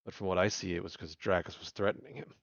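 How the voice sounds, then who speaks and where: Male player, very low voice, calm and measured, dull lo-fi recording. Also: no echo. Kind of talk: playing a tabletop role-playing game. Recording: dull lo-fi mic.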